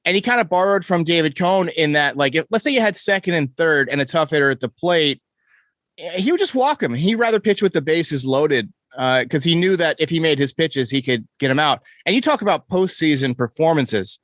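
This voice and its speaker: Stat-quoting New man, fairly high. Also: animated, brisk, fairly bright tone, no room sound, clean studio sound. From New York. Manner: stat-heavy, enthusiastic, self-correcting. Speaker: podcast host. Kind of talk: casual sports podcast chat.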